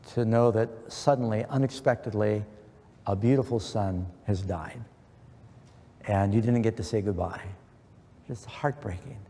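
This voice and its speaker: A man's voice: mid-range voice, warm tone. A middle-aged man preaching an earnest sermon, quoting scripture with emphasis. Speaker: pastor. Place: church. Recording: long church reverb.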